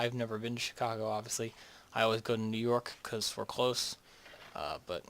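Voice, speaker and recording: A man's voice: mid-range voice, fairly bright tone, slight background noise. A young man from the northeastern United States, rambling and chatty with many restarts as he narrates his game. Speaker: gamer. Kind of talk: casual game commentary.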